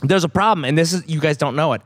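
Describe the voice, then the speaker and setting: A middle-aged man telling stories loudly and with lots of swearing in a casual group chat. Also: fairly high pitch, fast. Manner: loud, profane storyteller. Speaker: podcast co-host.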